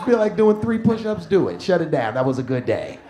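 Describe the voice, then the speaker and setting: A man doing a stand-up comedy set on stage, talking in loose slang and shouting his punchlines. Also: on the high side, wildly swooping pitch, fairly quick. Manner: casual slang, drawled asides. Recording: live stage mic with audience noise.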